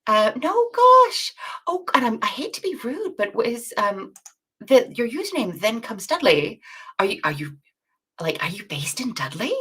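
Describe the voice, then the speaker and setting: A woman co-hosting a coding bootcamp livestream, chatty and self-deprecating with quick asides. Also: on the high side, sing-song, pushed and bright, breathy edge. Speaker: bootcamp co-host. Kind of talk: casual livestream teaching chat.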